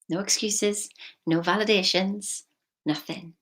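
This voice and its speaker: A woman, a money mindset coach talking casually, emphatic and chatty with soft intimate asides. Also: mid-range voice, moderate pace, long pauses. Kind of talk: casual motivational vlog.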